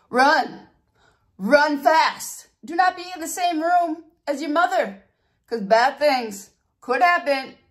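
A woman beauty vlogger telling stories and walking through a hair tutorial in a chatty, animated way. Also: sits high. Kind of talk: casual storytelling and hair tutorial.

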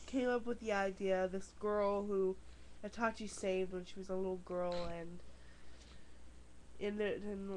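A woman's voice: mid-range voice, slight background noise, rough recording. A young woman in a casual webcam chat, eagerly telling a story to her viewers. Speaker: webcam vlogger. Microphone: webcam mic.

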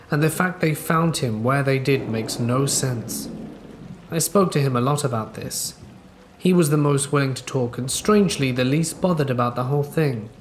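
Man, scary story narration, calm, measured, middle-pitched, faint rain in background. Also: slight background noise. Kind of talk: scripted narration. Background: faint rain ambience.

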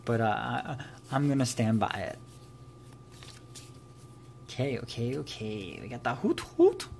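A man talks through a card pack opening in a loose, chatty way, reading off card names and laughing at his own asides. His voice sits in an ordinary middle pitch over a faint steady hiss. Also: a little slow, creaky. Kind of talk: casual unboxing commentary.

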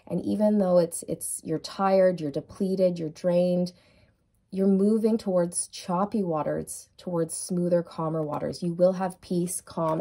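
Brief: woman tarot reader with a low, warm voice, gently affirming and repeating her reassurances. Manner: soothing, affirming, repetitive. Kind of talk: tarot card reading to viewers.

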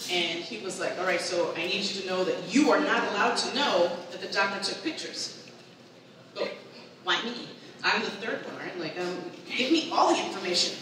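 A woman performing a stand-up comedy set, telling a family story in an animated way and acting out the people in it. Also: medium pitch. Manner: animated storytelling, acts out her mother's voice. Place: comedy event hall with live audience. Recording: echoey hall, far from mic, audible room noise.

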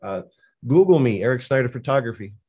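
A man, a guest photographer, chatting casually over a video call in a relaxed way, with frequent um's. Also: mid-range voice, brisk, slightly rough. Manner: relaxed, hesitant fillers. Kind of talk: casual chat.

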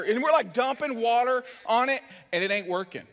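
A man's voice: high-pitched, normal speed, a bit bright. A man preaching as a pastor, telling a self-mocking story and acting out the voices in it. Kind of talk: sermon story. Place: large church hall. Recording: long hall reverb.

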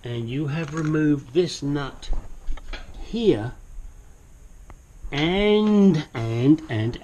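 This home mechanic host has a mid-range, slightly mellow voice, heard with slight background noise. He chats casually while doing a brake and control arm job, cursing now and then, wandering off topic, and sometimes affecting a silly accent.

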